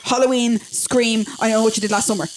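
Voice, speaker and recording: A woman's voice: fairly high pitch, steady tone, brisk, noisy background. A young woman co-hosting a podcast, flustered, swearing and laughing through a quiz. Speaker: podcast co-host. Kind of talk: casual chat. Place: small room, in a naked-body costume.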